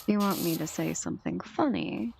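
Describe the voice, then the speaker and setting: A young adult woman streaming a game in a soft-spoken ASMR manner, teasing and chatting lazily with her viewers. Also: on the low side, normal speed, vocal fry, noisy background.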